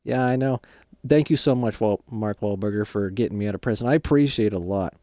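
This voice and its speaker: A man voicing a gruff middle-aged dad fresh out of prison, who tells his jail stories in a boastful, rambling way. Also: lowish voice, brisk, warm tone, dry recording, studio quality, pitched below the performer's own voice, natural voice.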